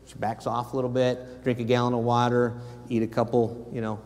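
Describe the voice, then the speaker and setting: A man's voice: medium pitch, a little fast. A man with an American accent preaching a sermon as a missionary, telling stories animatedly and acting out the quotes himself. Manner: animated storytelling, acts out quotes. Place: church sanctuary. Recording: long church reverb.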